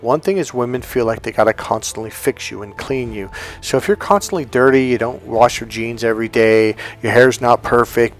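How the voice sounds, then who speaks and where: A man who works as a dating coach tells a story in a casual monologue, emphatic and repeating key words. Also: medium pitch.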